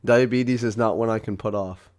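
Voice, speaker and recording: Male co-host with a lower voice, playful and profane, quick to riff on his partner. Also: fairly even intonation. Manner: joking, echoes the other's lines, swears freely. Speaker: podcast co-host. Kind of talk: casual chat.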